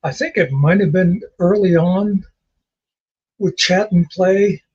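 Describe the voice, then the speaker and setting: A man's voice: high-pitched, slow pace, a little mellow, slightly rough, highs cut off. A man co-hosting a casual chat, telling rambling stories with many fillers. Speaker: podcast co-host.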